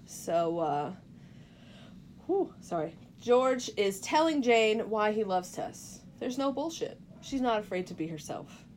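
A woman co-hosts a casual movie podcast, walking through the plot and slipping into quick quoted lines as she goes. Her pitch sits in the middle of the usual range. A faint hiss runs under the recording. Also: sing-song, darkish tone. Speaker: podcast co-host.

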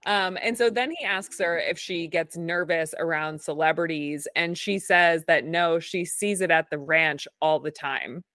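A woman's voice: lowish voice, measured pace, hardly any pauses, fairly bright tone, dry recording, studio quality. A woman co-hosting a podcast, recapping an episode with enthusiasm and frequent laughter. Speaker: podcast co-host. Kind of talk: casual recap chat.

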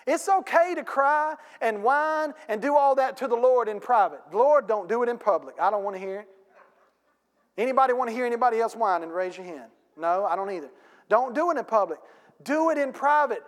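Pastor, man, high-pitched, folksy emphatic preacher, church hall reverb. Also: expressive, fairly quick. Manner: folksy preaching with casual grammar; emphatic, rising to loud peaks. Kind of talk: sermon. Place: church sanctuary.

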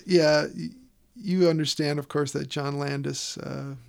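A man talks films in loose, easygoing chat, his voice a touch high and gravelly. He is animated and playful. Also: measured pace. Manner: animated, playful, slips into silly put-on voices. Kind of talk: casual chat.

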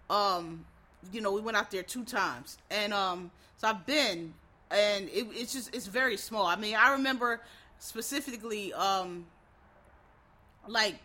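A man chats casually to his listeners, sounding a little tired. His voice is bright and forward. He rambles, trails off and restarts, and calls his audience y'all. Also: high-pitched. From Philadelphia. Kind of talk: casual chat recapping a TV show.

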